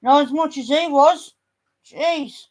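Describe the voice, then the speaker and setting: A woman chatting casually on a home vlog. Her voice sits a little high, and she talks bluntly, teasing and swearing freely as she goes. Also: takes it slowly. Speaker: vlogger. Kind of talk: casual chat.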